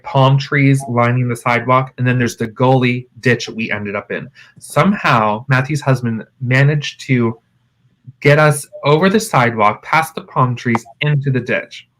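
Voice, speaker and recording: A man co-hosting a podcast, telling a wild story in casual chat, animated, cursing often and calling his friends "girl". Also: mid-range voice, poor audio. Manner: animated, swears freely, calls friends "girl". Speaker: podcast co-host.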